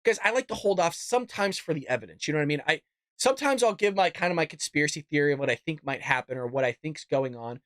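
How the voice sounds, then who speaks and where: A man's voice: a little high, animated, quick pace, fairly bright tone, no room sound, clean studio sound. A man hosting a live political commentary show, ranting in a heated, exasperated way with frequent restarts.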